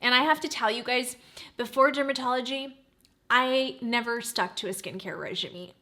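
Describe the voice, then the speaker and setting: A woman's voice: on the high side, moderate pace, sharp tone. A woman in her forties, a beauty vlogger chatting casually to camera, rambling and drifting into side notes. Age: 40s.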